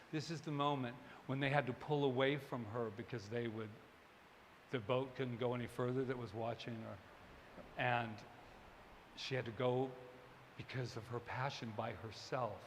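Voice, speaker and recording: A man preaching a sermon as minister, animated and digressive, with joking asides to the congregation. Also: fairly high pitch, long reverb tail, a little hiss or hum. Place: church service hall.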